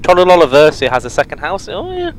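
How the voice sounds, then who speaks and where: A man's voice: fairly high pitch, wildly swooping pitch, quick pace, low-quality recording. A man joking and chatting casually as crew on a live flight-sim charity stream, laughing often.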